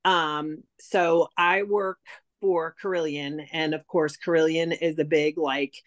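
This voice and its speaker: Woman consultant sharing sales tips, a bit low in pitch, rambling and chatty with many fillers. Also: steady tone, slow pace. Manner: chatty, heavy use of "like" and "um". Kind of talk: casual sales advice talk.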